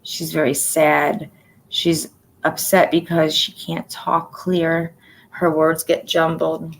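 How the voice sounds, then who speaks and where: A woman in her forties giving a personal livestream update, soft-spoken and halting, often dropping to a near-whisper. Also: deep voice, monotone, gravelly, slight background noise, rough recording. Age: 40s. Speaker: livestream host.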